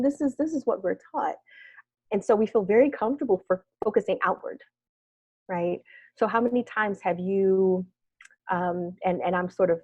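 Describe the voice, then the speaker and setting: A woman therapist leading a wellness workshop discussion, speaking gently and reflectively and often checking in with "right?". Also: mid-range voice, breathy edge, dry recording. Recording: dull lo-fi video call audio.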